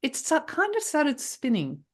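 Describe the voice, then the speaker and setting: A woman's voice: high-pitched, huge pitch swings, measured pace. A woman guest in an interview telling a personal story with emotion. She often restarts her sentences and hesitates as she searches for words. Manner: emotional and breathless, with frequent restarts.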